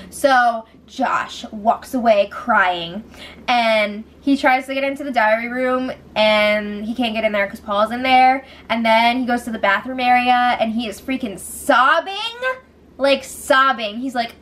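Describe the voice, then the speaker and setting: A woman's voice: on the high side, a little hiss or hum. Giggly woman recapping reality TV. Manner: chatty, giggly, animated retelling with quoted voices. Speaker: show recap host. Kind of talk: casual spoiler recap.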